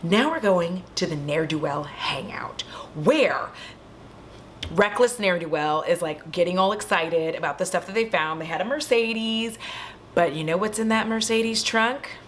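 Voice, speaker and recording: A woman's voice: on the low side, unhurried, slight background noise. A woman vlogger at home, retelling a horror movie in a casual, profane way with chatty asides to her viewers. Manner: animated, swears freely, chatty asides to viewers.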